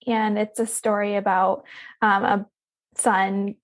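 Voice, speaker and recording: A woman's voice: mid-range voice, little pitch movement, slow. A woman chatting as a podcast guest, giggly and sentimental, with a few ums. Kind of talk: casual interview chat.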